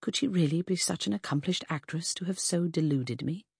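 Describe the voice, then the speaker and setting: A woman reading a first-person novel aloud in a measured, even storytelling way. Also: fairly low pitch, gravelly, husky, dry recording, clean studio sound. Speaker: audiobook narrator. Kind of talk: scripted first-person narration.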